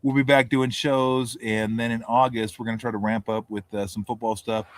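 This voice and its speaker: A man's voice: medium pitch, level tone, brisk, a little hiss or hum. A man hosting a sports podcast and chatting casually with friends, telling loose, profane stories and often laughing. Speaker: podcast host. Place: vacation house with friends in Tahoe.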